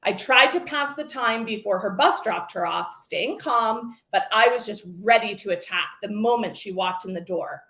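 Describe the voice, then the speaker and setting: A woman in her forties giving a scripted keynote talk, telling stories with lively acted quotes. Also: medium pitch, normal speed, few pauses, roomy sound. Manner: storytelling, expressive with acted quotes. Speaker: keynote speaker.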